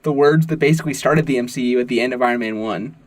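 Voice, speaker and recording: A man co-hosting a podcast, chatting about a film in an animated, emotional way. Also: medium pitch, very fast. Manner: excitable, animated, emotional storyteller. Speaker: podcast co-host. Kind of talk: casual film discussion.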